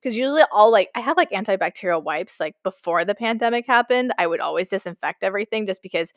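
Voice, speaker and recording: A woman co-hosting a podcast, telling an animated story in casual chat, with lots of fillers. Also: medium pitch, fast, no echo, studio quality. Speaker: podcast co-host.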